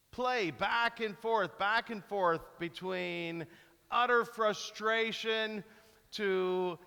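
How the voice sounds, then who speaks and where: Bright-voiced pastor in a reverberant church. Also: male voice, high voice. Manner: animated storytelling, acts out cheering and groaning. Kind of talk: sermon. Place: large church hall.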